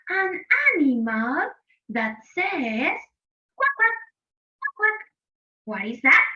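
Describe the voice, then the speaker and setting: Slow sing-song woman teacher. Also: high voice. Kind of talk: children's English lesson. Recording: distant, dull lo-fi recording.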